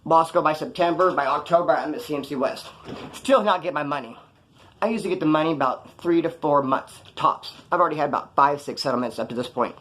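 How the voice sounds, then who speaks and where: Man, former inmate, brisk streetwise storyteller with a raised voice, blunt and profane. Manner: animated, jumps in pitch for emphasis. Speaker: former prisoner telling his story. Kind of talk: casual first-person storytelling.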